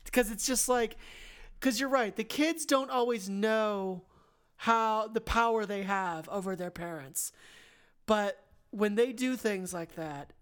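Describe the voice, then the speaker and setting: A woman's voice: mid-range voice, clean tone. Woman on a movie podcast, heartfelt, stumbles a bit when it gets emotional, casual chat. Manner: earnest, emotional, halting when moved. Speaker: podcast co-host. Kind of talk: casual film review chat.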